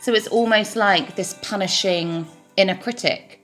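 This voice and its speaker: A woman's voice: mid-range voice, measured pace, a bit bright, soft background music. A woman in her forties, a life coach, talking candidly and reflectively about her own experience, with plenty of fillers and restarts. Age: 40s. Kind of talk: reflective personal talk.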